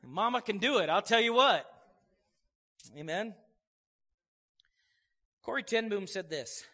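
A man's voice: high voice, slow pace, pauses often. A male pastor preaching a sermon, telling stories with energy and calling out "amen" to his congregation. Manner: storytelling, animated, calls "amen" to congregation. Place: church sanctuary.

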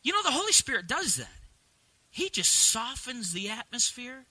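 A man's voice: very high-pitched, big pitch swings, moderate pace, bright, forceful tone, dry recording, low-quality recording. A middle-aged male pastor preaching a sermon, mixing chatty asides with emphatic preaching. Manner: conversational, rising to emphatic preaching.

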